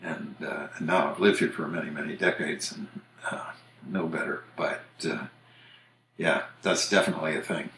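A man's voice: extremely low pitch, fairly even intonation, normal speed, fairly bright tone. An older man hosting a podcast, explaining word pronunciations in a thoughtful, casual way with frequent fillers. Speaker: podcast host and usage author. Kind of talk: casual chat. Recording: roomy echo.

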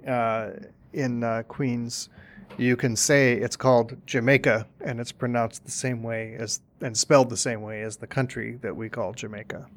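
Male podcast host, middle pitch, halting delivery, tells jokes. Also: flat delivery. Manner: hesitant, many restarts, tells jokes. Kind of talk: casual chat and joke telling.

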